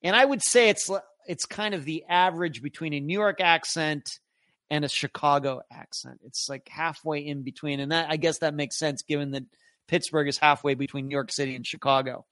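A man's voice: on the high side, normal speed, fairly bright tone, no room sound, studio quality. A middle-aged man hosting a live podcast, reading viewer comments aloud in a rambling, chatty way with many restarts. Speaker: podcast host.

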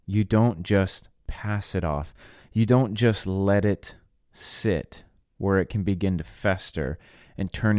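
A man's voice: on the low side, a little mellow, no room sound, clean studio sound. A man hosting a solo podcast, teaching in an earnest preaching manner and stressing key words one at a time. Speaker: podcast host and minister.

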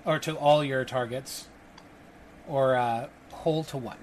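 A man's voice: mid-range voice, steady tone, a little slow, slight background noise. A man running a tabletop game as game master, narrating with many fillers and restarts.

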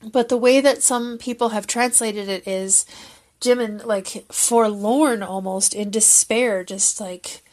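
A woman talks in a casual, heartfelt way, recapping a concert, earnest and sometimes rambling as she searches for words. Her voice sits a little high. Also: fairly even intonation, slow, darkish tone. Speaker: fan video creator.

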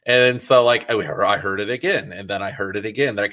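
A man hosts a relaxed interview, talking with easy enthusiasm and sprinkling his speech with "like". His voice sits somewhat low. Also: brisk, hardly any pauses. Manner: chatty, enthusiastic, fillers like "like". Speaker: interview host. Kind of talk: casual interview chat.

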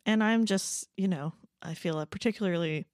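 A woman in casual podcast chat, animated, laughing often and acting out quoted voices. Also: fairly low pitch, moderate pace, dry recording, studio quality.

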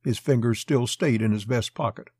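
Male narrator, husky, dry close sound, measured storytelling. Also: medium pitch, warm tone, no room sound. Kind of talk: audiobook narration of a western.

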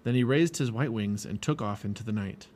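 A man reading a children's storybook aloud in an expressive, lively way. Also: fairly low pitch, brisk. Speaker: storybook reader.

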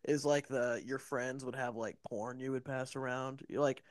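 A man's voice: medium pitch, steady tone, moderate pace, no echo. A man co-hosting a podcast in casual chat, rambling and heavy on fillers. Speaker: podcast co-host.

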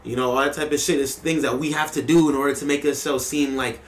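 A man's voice: mid-range voice, steady tone, fast talker. A young man talking casually as a podcast co-host, emphatic and repetitive, often ending his lines with "bro". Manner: emphatic, repeats words, ends lines with "bro". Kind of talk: casual chat.

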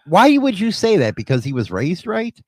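Man, podcast co-host, crude profane joker, highish voice, very animated pitch, dry close sound. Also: normal speed, no echo. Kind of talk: casual chat.

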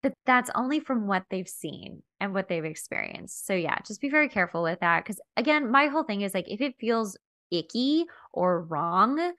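A woman co-hosting a podcast in casual chat, talking in a chatty, animated way and acting out quoted lines. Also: mid-range voice, moderate pace, no echo. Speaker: podcast co-host.

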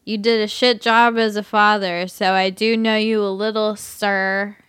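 A woman voicing a drunk, indignant man from a bad date, slurring slow and ranting. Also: mid-range voice, little pitch movement, a bit bright, smooth, dry recording, clean studio sound, close to an everyday voice. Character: drunk belligerent adult male creep from a bad date.

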